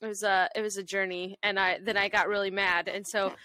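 A woman co-hosting a podcast in animated, self-mocking casual chat. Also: mid-range voice, brisk, no echo. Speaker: podcast co-host.

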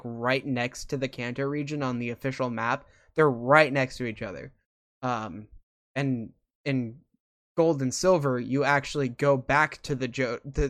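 Casual host, rambling and eager, lots of ums, middle pitch. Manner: rambling and enthusiastic, with many fillers. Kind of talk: casual chat about video games.

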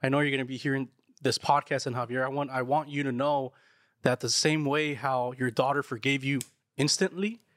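A male host of a faith podcast speaks in an encouraging, pastoral way and chimes in with amens. His voice is mid-pitched, and the recording is dry and close. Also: steady tone, a little fast, fairly bright tone, no room sound.

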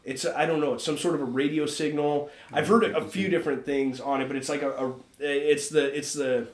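A man's voice: on the high side, fairly even intonation, a little fast, echoey room. A man with an American accent in casual, opinionated chat, emphatic and prone to repeating himself and groping for words.

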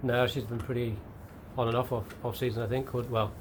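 A man's voice: medium pitch, level tone, fast, rough recording. A man chatting casually about racing, agreeable and hedging his views. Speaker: downhill racing pundit. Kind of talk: casual chat.

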